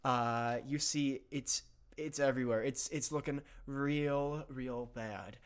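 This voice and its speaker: A man's voice: mid-range voice, steady tone, takes it slowly, clean tone. A man narrating as game master of a comedic tabletop game, loose and rambling with fillers.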